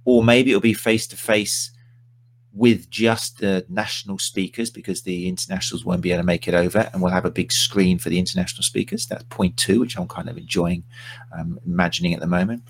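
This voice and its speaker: A man hosts a live stream with a low, gravelly voice. He talks casually and pokes fun at himself, with plenty of ums and asides. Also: fairly even intonation, a little fast, a little hiss or hum. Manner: chatty, self-deprecating, full of ums. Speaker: host.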